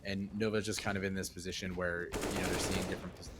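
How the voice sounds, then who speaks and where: A man breaking down a live esports match as color commentator, his voice very low and flat, with little rise and fall. He talks in a measured way, leaning on filler uhs, over a clear background hiss.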